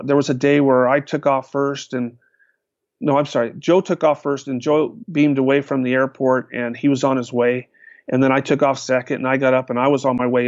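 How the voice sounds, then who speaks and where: In a dry, dull, lo-fi recording, a medium-pitched male guest rambles through long casual stories, frequently restarting sentences and using lots of fillers.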